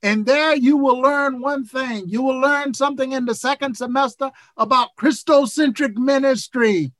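A preacher of about seventy delivering an impassioned sermon over a video call, repeating phrases and building to shouts. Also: high voice, steady tone, moderate pace, no room sound. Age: 70s.

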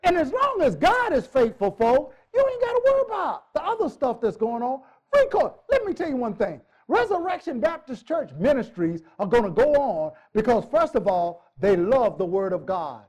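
A man's voice: very high voice, very animated, moderate pace, hardly any pauses, a little mellow. A male pastor preaching a sermon in a church, emphatic, repeating phrases and joking with the congregation.

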